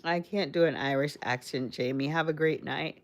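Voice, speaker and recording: A woman's voice: low voice, normal speed. A woman with a Caribbean accent mixed with American, chatting casually with viewers on a livestream in a rambling way. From Caribbean, raised in Connecticut. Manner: chatty, rambling, addresses chat directly. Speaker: livestream host. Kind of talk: casual live-stream chat with viewers.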